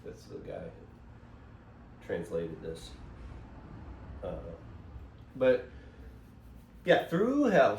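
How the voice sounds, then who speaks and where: Slow-talking man in an echoey room. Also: on the low side, wildly swooping pitch. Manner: rambling, digressive, self-interrupting. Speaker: host. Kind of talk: casual spiritual monologue. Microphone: phone. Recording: echoey room, voice from far off, faint hiss.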